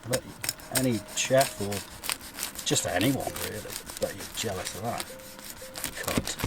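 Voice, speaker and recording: Slow-talking man cooking at camp. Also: lowish voice, over loud music. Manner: self-mocking, rambling, swears lightly. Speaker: vlogger. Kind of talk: casual talk while cooking. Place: forest campsite by a car, outdoors.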